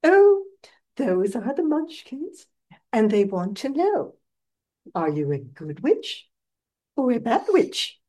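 A woman's voice: on the high side, very animated, slow pace, pauses often, warm tone, full character voice. A woman voicing a gracious, beautiful good witch in a sweet, lilting manner while retelling a film.

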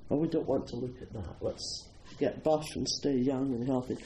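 A man's voice: medium pitch, steady tone, normal speed, dark tone, a little hiss or hum, poor audio. A Scottish man from Scotland giving an informal, humorous Buddhist talk, telling stories and often chuckling. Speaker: Buddhist teacher.

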